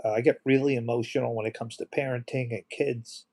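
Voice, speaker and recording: Soft-spoken middle-aged man hosting live. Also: mid-range voice, fairly even intonation, a little fast. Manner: soft-spoken, emotional, reads viewer comments aloud. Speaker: live stream host. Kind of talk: casual live stream chat.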